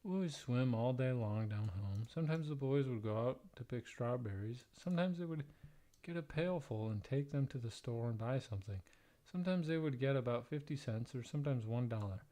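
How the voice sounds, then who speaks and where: Man with a mellow voice reading aloud. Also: medium pitch, expressive. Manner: plain, halting read-aloud delivery, stumbling and restarting over odd wording; blunt, profane joking asides. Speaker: livestreamer. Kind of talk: reading historical letters aloud, with casual asides.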